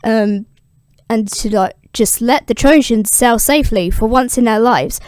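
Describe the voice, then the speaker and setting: A woman's voice: mid-range voice, moderate pace, darkish tone, no room sound, studio quality. A young woman giving a casual, slangy, irreverent summary of a classical epic, with frequent swearing. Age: young adult. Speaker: classics explainer. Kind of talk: casual video explainer.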